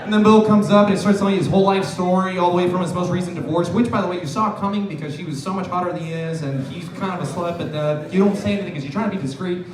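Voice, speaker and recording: A young man with a high voice works through a rambling, profane stand-up set on a bar stage. He is caught from far off by the camera, so the room's echo comes through along with the noise of the audience. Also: steady tone, racing, hardly any pauses. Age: 20s. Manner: loose, rambling, profane delivery. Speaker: stand-up comedian. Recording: roomy, distant bar recording with crowd.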